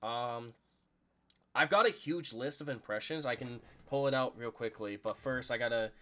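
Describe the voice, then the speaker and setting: A man's voice: mid-range voice, normal speed. Rambling man calling a live game. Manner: rambling and self-conscious, full of fillers; bursts into excited play calls. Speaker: podcast host. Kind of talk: live game reaction commentary.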